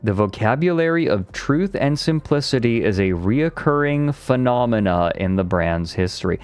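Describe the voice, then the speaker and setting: A man's voice: medium pitch, animated, moderate pace, clear, resonant tone. A man streaming, reading a document aloud and picking apart its grammar in a thoughtful, laughing way. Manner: thoughtful, nitpicky, laughing along. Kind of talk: casual analytical stream chat.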